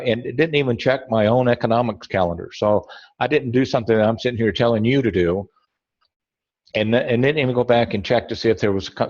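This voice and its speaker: Man, webinar trading instructor, low voice, rambling, self-correcting, dull lo-fi sound. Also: a little mellow. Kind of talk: screen-share trading tutorial.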